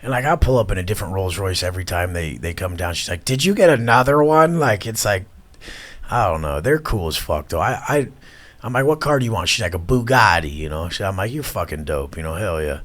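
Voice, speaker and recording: A man's voice: low voice, expressive, fast talker, fairly bright tone. A man in his thirties, a podcast guest talking bluntly and intensely, swearing often. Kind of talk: casual chat.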